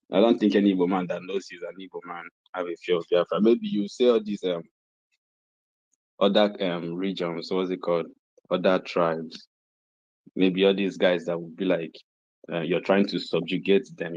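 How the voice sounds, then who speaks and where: A deep-voiced Nigerian man joining by a lo-fi call line, dry and muffled. He talks easygoing and musing, with many fillers. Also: a little mellow, no room sound. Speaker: guest. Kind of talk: casual chat over a call. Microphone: phone or video call.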